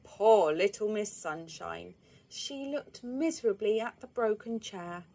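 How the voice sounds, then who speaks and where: A woman, reading a children's storybook aloud in an expressive, lively way. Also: mid-range voice, unhurried, creaky.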